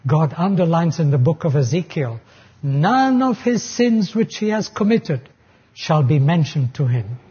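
A man preaching a sermon, reading scripture aloud with slow, deliberate emphasis. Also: on the high side, dark tone, breathy edge, dull audio.

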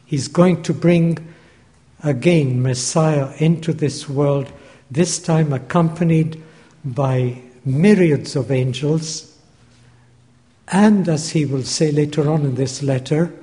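A man preaching a Bible teaching sermon, measured and deliberate, repeating key phrases for emphasis, recorded in a large church hall. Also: fairly high pitch, dark tone. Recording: long hall reverb.

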